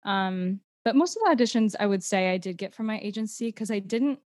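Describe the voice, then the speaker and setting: A woman's voice: mid-range voice, a little fast, darkish tone, dry recording, clean studio sound. A young woman with an American accent, a musical theatre performer chatting as a guest, full of fillers and restarts. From United States. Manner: chatty, lots of "like" and restarts, laughs easily. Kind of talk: casual chat.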